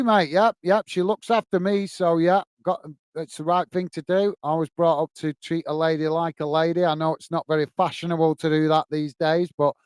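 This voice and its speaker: A man's voice: fairly high pitch, darkish tone, clear, resonant tone, no room sound. Chatty English man hosting a livestream. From England. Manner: chatty, reads out viewer comments, friendly thanks. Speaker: football watch-along host. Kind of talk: casual live-stream chat.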